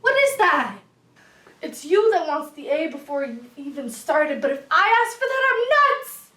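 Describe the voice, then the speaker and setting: A woman's voice: sits high, big pitch swings, sharp tone, full character voice. A young woman playing a defiant young male student. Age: young adult. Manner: indignant, rapid, challenging questions. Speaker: actor. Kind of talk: stage monologue. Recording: echoey room, distant mic.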